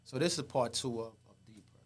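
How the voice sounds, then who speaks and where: A man appearing as a guest musician on a podcast, talking in a relaxed, easygoing way. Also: mid-range voice, a little fast, husky. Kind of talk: casual chat.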